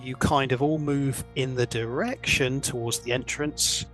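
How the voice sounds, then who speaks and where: A man narrating a tabletop game as game master, describing scenes in halting, repeated phrases. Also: medium pitch, fairly even intonation, a bit bright, soft background music.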